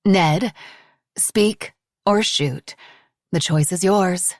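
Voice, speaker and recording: A woman playing a steady, relentless accuser. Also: sits low, normal speed, no room sound, clean studio sound. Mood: taunting. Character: cool, relentless woman in a trance-like confrontation.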